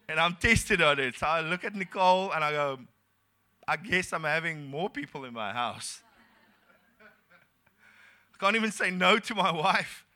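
Male South African pastor, bright, higher-pitched, animated storyteller in a church sermon. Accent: South African English. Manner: animated storytelling, laughing often, acting out dialogue.

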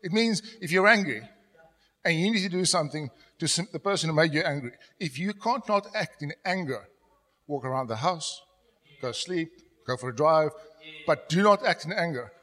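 A middle-aged man preaching a sermon as pastor, telling stories and dropping to a soft, confessional tone when he quotes himself. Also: on the high side, lively intonation, normal speed. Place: church hall. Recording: long church hall reverb.

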